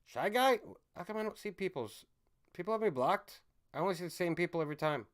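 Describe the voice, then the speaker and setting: A man hosting a live stream, ranting in a heated, profane way that swings between shouting and muttering. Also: sits high, lively intonation, fast talker.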